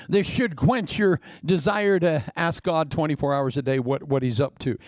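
A male pastor preaching a sermon emphatically, repeating phrases and jumping suddenly in pitch. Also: moderate pace, few pauses, no echo, clean studio sound.

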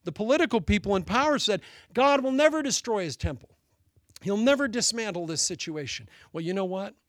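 A man preaching a sermon as pastor, telling a story with animated delivery and laughing at his own jokes. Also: high-pitched, brisk, dry recording, studio quality.

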